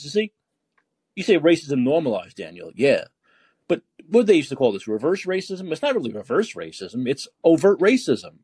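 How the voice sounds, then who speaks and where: A man's voice: fairly high pitch, very animated, moderate pace, darkish tone, slightly rough, dry recording. A man hosting a call-in podcast, ranting with indignation and firing off rhetorical questions, often repeating words as he heats up. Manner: repeats words when heated. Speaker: podcast host taking calls.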